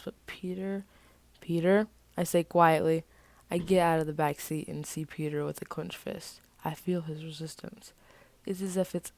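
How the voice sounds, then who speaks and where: A woman's voice: low-pitched, creaky, darkish tone. A woman from the United States reads her own first-person story aloud and breaks off now and then for casual asides. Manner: casual asides between reading.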